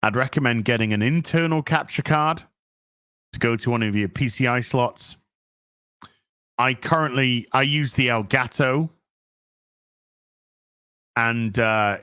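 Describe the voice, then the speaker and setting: A man hosting a casual livestream, reading viewer donations and answering them in an animated, profane and boastful way. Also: medium pitch, unhurried, pauses often, no echo, studio quality. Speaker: streamer host.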